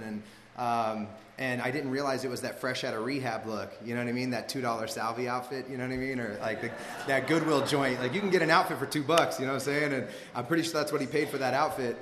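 Socal dude rambling through a story, lots of like and you know, mid pitch, big echoey hall w long reverb. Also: male voice, background noise. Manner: loose, slangy, full of "like" and "you know". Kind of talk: personal storytelling monologue.

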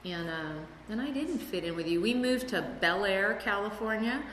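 A woman's voice: medium pitch, moderate pace, a bit bright, a little hiss or hum. A speaker from Chicago sharing her story at a recovery meeting, rambling and chatty with lots of fillers, recorded in a meeting hall. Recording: echoey hall with room ambience.

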